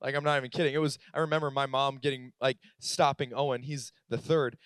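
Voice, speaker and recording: A man's voice: mid-range voice, level tone, fast, a bit bright, clean tone, dry recording. A young adult man, a pastor, telling a personal story in a casual, filler-heavy sermon. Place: church auditorium.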